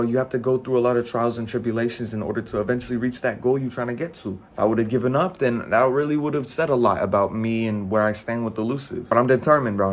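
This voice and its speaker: A young man, a clothing brand owner, chatting casually to his viewers in a slangy vlog. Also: medium pitch. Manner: relaxed, slangy, talks straight to viewers.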